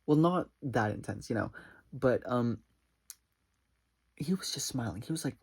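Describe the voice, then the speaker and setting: A man vlogger with a mid-range voice tells a personal story as a casual storytime, rambling and saying "like" a lot as he retells it dramatically. He sounds animated, a little slow, gravelly and a little mellow, with a breathy edge.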